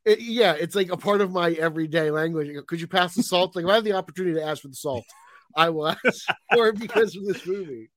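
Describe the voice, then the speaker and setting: A man co-hosting a casual film podcast, relaxed and chatty, laughing often. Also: high-pitched, fast talker. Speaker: podcast co-host.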